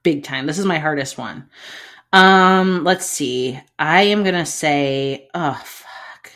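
A woman co-hosting a casual podcast chat, animated, laughing and swearing as she talks. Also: low-pitched, slow pace. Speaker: podcast co-host.

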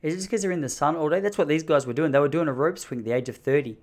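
A man's voice: a little high, very fast. A man in his thirties telling a story casually and with animation. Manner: animated, mimics the people in his stories. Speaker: vlogger.

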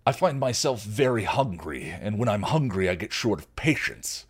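A man voicing a hungry male troll who speaks slowly, loudly and in grand formal phrases. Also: fairly low pitch, sing-song, husky, heavily acted. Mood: bellowing. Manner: loud, slow and grandly formal.

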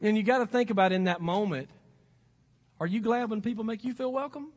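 High-voiced Southern pastor preaching in a hall. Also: male voice, a little fast. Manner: folksy and exhorting, rising to emphatic peaks. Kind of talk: sermon. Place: church sanctuary. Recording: long hall reverb.

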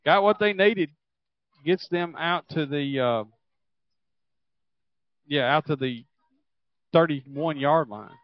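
A man giving color commentary on a high school football game in a folksy, halting way with plenty of fillers. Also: dry recording, muffled recording.

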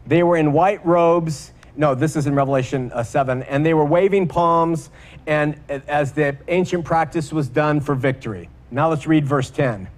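A man preaches a sermon in a voice that sits a little high for a man. He is emphatic, often repeating a word several times for stress. He slows right down on the points he wants to land.

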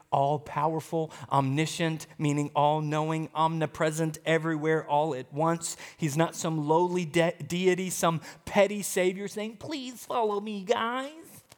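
A man pastor preaching a sermon, telling a story in an animated, emphatic way. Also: a little high, long reverb tail.

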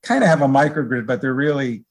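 Man, husky, middle-aged, interview guest, loose talk full of fillers. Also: medium pitch, fast. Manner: relaxed, rambling explanations with many fillers. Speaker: research director guest. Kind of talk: conversational interview.

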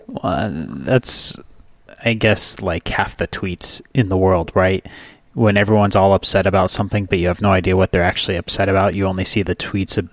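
A man's voice: low voice, steady tone, moderate pace, dry recording. A man co-hosting a podcast, talking in an easygoing, joking, chatty way. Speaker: podcast co-host. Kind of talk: casual chat.

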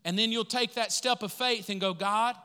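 A male pastor tells stories from the pulpit with an animated, rising delivery. His voice sits fairly high and sounds very bright, almost piercing. A long reverb trails each phrase, as in a large church hall. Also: normal speed, smooth. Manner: animated, rising to excited emphasis. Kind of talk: storytelling sermon.

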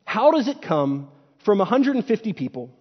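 A male preacher with a high voice gives a casual, conversational sermon from a church stage, slipping into paraphrased dialogue. The sound is dull and lo-fi, with a long hall reverb. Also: big pitch swings, moderate pace, slightly rough.

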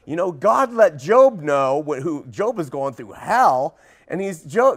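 A man's voice: a little high, big pitch swings, a little slow, a bit bright. A man hosting a religious commentary podcast, talking in an earnest, preachy way with frequent fillers and restarts. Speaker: podcast host.

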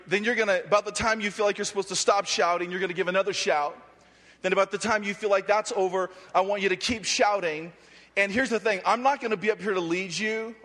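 A man from Hawaii speaking at a youth conference, preaching energetically, often shouting and joking. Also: high voice. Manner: animated, shouting, joking, restless. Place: large hall with audience. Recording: long hall reverb.

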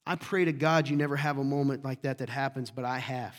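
A middle-aged man preaching a sermon as a pastor, passionate and emphatic, often rising into loud bursts. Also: medium pitch, fairly even intonation, brisk.

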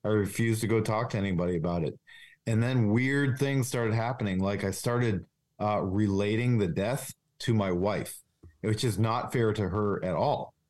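A police officer speaking as a guest in a candid interview, earnest and confessional, with many restarts and fillers. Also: male voice, lowish voice, normal speed, a little mellow.

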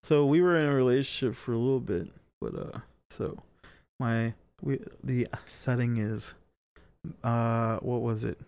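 A man's voice: medium pitch, a little slow, creaky, darkish tone, smooth. A young man telling a long story in casual podcast chat, rambling with many fillers and frequent swearing.

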